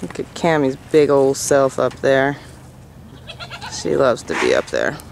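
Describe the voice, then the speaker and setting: Woman farm vlogger, unhurried and relaxed, sweet with her animals, recorded outdoors over faint noise. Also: rumbling low, gravelly. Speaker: goat farmer vlogger. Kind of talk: casual farm vlog chat.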